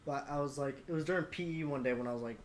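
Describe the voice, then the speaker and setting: A young man co-hosting a casual sports podcast, with a slightly higher voice. He laughs often and slips in quick teasing asides, while a faint hiss sits under his mic. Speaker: podcast co-host. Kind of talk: casual chat.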